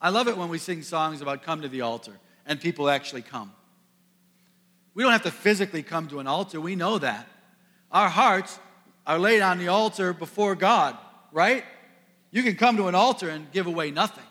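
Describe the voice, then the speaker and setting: High, bright-voiced preaching pastor. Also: male voice, animated, normal speed. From US Midwest. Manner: earnest, builds to emphatic peaks then drops soft. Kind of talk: sermon. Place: church sanctuary. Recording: long reverb of a large hall.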